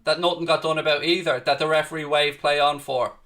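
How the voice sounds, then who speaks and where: During a live football watchalong, the host rants fervently and takes questions from the chat. He speaks briskly in a voice on the high side, fairly bright in tone, with little pitch movement.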